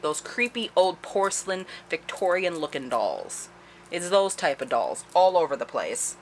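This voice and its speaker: Low-voiced woman recapping a book. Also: sing-song, measured pace, a little hiss or hum. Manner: chatty, profane, laughing as she retells. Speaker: book reviewer. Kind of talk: casual spoiler-filled book recap.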